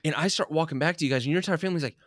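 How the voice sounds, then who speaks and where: A young man co-hosting a casual chat, telling a story in an animated way, swearing freely and laughing often. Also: fairly high pitch, racing, dry recording, clean studio sound.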